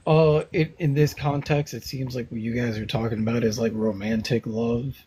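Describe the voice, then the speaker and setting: Calm questioning man, warm voice, faint mic noise. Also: mid-range voice. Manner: measured, questioning. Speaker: panelist. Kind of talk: casual live discussion.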